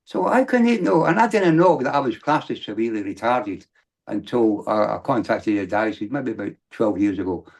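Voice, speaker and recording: A middle-aged man with a gravelly, fry-heavy voice. He tells his story as a guest in loose, rambling sentences, restarting often and then rising into emphatic bursts. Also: on the low side, lively intonation, moderate pace, darkish tone. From Britain. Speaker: podcast guest. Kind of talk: candid storytelling.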